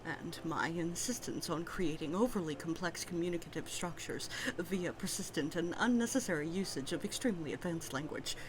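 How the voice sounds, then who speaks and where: A woman voicing a shy, delicate young female bookworm who speaks softly and primly, in overly elaborate wording. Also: on the low side, moderate pace, background noise, voice pushed down, lightly acted. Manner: soft, prim and verbose.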